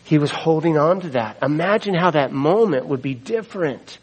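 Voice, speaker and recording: A man's voice: fairly high pitch, animated, moderate pace, husky, rough recording. A middle-aged man preaching a sermon, earnest, weaving in scripture quotes and asides. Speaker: pastor.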